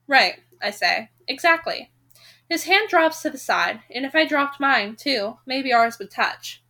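A woman's voice: animated, measured pace. A woman reading a young adult novel aloud chapter by chapter, doing the characters' lines in her own voice. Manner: breaks off reading to rant, swearing and laughing; quiet, low-key aside after the break. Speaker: audiobook reader.

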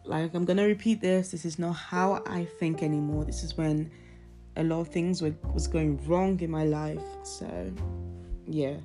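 A woman's voice: low voice, fairly even intonation, moderate pace, dark tone. A young woman hosting a poetry podcast, reciting her own spoken word poems with intense emotion. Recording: music playing behind.

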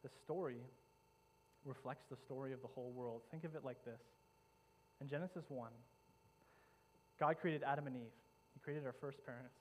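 A man's voice: medium pitch, moderate pace, pauses often, a little hiss or hum, low-quality recording. A male pastor preaching a sermon, retelling a story dramatically with frequent repeats and restarts.

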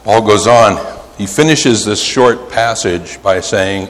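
Pennsylvania preacher in a reverberant hall. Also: male voice, lowish voice. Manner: animated storytelling, drawn-out emphatic words, frequent "right?". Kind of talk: sermon. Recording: hall reverb, faint ambience.

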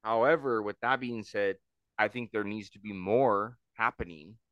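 A man's voice: lowish voice, moderate pace, dry recording, muffled recording. A man talking casually on a podcast, blunt and emphatic, with frequent swearing.

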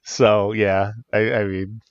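A man's voice: lowish voice, little pitch movement, takes it slowly, smooth, dry recording. A man co-hosting a podcast, telling locker-room stories in casual chat, laughing often and swearing freely. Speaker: podcast co-host, wrestler. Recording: dull, muffled audio.

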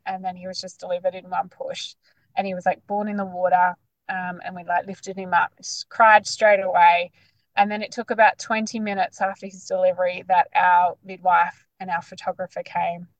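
A woman's voice: on the low side, moderate pace, no echo, rough recording. A woman, casually telling a long personal story full of "like" fillers. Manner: chatty, animated, lots of "like" fillers. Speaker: guest sharing her birth story.

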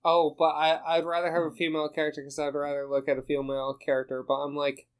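A man's voice: a little high, monotone, fast, smooth. Rambling, laughing young man. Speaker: podcast co-host, dungeon master. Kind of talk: casual group chat.

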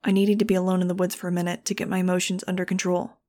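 A woman narrating a novel in the first person with a steady, earnest reading. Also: lowish voice, rapid-fire. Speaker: audiobook reader.

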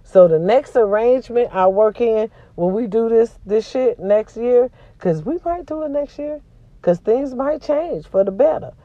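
A woman's voice: on the high side, animated, measured pace, dry recording, dull audio. A woman hosting a casual vlog, venting to her viewers in a blunt, profane way, with a sore throat from a cold. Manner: blunt and profane, swings between loud and quiet. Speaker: vlog host.

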